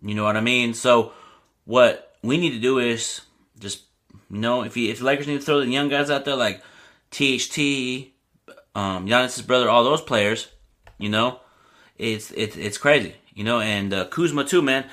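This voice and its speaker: A young man hosting a sports podcast, talking casually and getting animated as he rants, with lots of "you know what I mean". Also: mid-range voice, normal speed.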